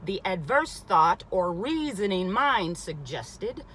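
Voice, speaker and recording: A woman reads a spiritual book aloud at a mid pitch, weighting key lines. She breaks off now and then to repeat a passage or comment on it, with a faint hiss behind her. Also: expressive, unhurried, rough recording. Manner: emphatic, stops to repeat and comment. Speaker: reader.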